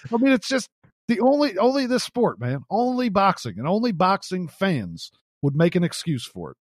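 A man co-hosts a casual boxing podcast, ranting with animated frustration and the odd swear. His voice sits a little higher than most men's. The mic is close and dry. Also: moderate pace, no room sound. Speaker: podcast co-host.

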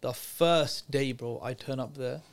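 A man recounting a trip as a podcast guest, earnest and chatty with plenty of slang. His voice sits at an ordinary middle pitch. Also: unhurried. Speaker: podcast guest, youth worker. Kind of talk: casual chat, storytelling.

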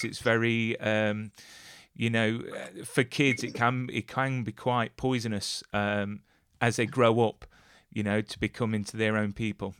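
A man's voice: fairly low pitch, fairly bright tone, clean tone, no room sound, clean studio sound. A man hosting an interview, chatty and enthusiastic with many fillers. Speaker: interviewer, host. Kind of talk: casual interview.

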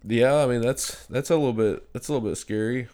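A man's voice: mid-range voice, fairly quick, a little mellow, smooth. Male co-host, casual and crude, clean resonant voice. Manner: laid-back, profane, laughs often. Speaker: podcast co-host. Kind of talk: casual chat.

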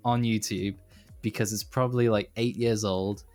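A man's voice: lowish voice, steady tone, normal speed, darkish tone. Rambling man on a casual podcast. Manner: rambling, self-deprecating, laughs often. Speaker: podcast co-host.

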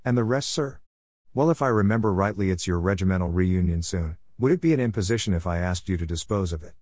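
A man's voice: sits low, lively intonation, fast, a little mellow, no echo, studio quality. A man doing a polite office security man. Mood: deferential. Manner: courteous, deferential.

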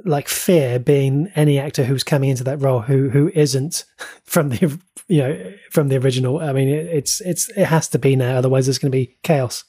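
A man co-hosting a pop-culture podcast, talking earnestly with halting repeats. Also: medium pitch, warm tone, slightly rough. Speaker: podcast co-host. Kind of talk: casual pop-culture chat.

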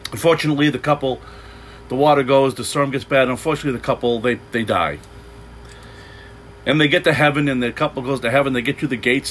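A man's voice: mid-range voice, a little fast, fairly bright tone, slight background noise, poor audio. A man preaching an unscripted sermon, loose and rambling, with frequent restarts and repeated words. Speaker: pastor.

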